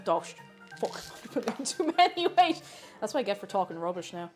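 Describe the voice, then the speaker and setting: A woman's voice: mid-range voice, very animated, fairly quick, a little mellow, faint music behind. A young Irish woman streaming herself cooking, chatting casually and playfully with viewers, joking at her own expense and laughing often. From Ireland.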